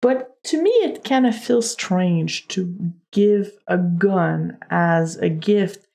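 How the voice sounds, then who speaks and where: Slow-talking gravelly woman streamer. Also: on the low side, animated, warm tone. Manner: chatty, joking, laughs often. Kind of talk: casual let's-play commentary.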